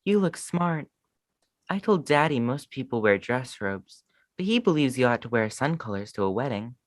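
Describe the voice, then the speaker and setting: A young woman voicing a dreamy, odd young witch with a soft, breathy voice. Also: a bass voice, very animated, normal speed, dry recording, clean studio sound.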